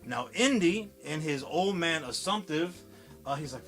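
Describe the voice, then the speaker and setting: A man's voice: high voice, expressive, normal speed, fairly bright tone, soft background music. A man casually recapping a film on a podcast, swearing often and acting out the characters' lines. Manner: profane, rambling storytelling with acted quotes. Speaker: podcast co-host.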